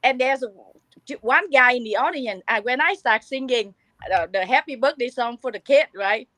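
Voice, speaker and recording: High-voiced woman, halting broken English. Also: pushed and bright, dry recording, poor audio. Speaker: guest. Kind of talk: casual chat.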